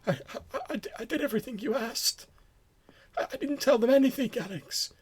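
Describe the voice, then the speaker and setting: A man's voice: extremely high pitch, brisk, husky, voice pushed up. A man voicing a frail, bewildered old man in a care home bed who stammers and pleads tearfully. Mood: frail pleading.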